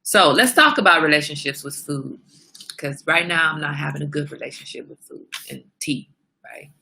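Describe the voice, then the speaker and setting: Lady chatting on her livestream, gravelly and husky, bright edge to it. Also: low voice, normal speed. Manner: chatty, talks straight to viewers. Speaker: livestream host. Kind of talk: casual livestream chat.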